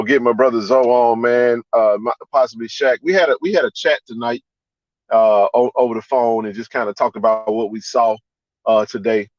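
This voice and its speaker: A man hosting a live sports reaction stream, ranting in a fired-up, profane way and repeating himself for emphasis. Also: no room sound. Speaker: podcast host. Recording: dry, dull low-fi sound.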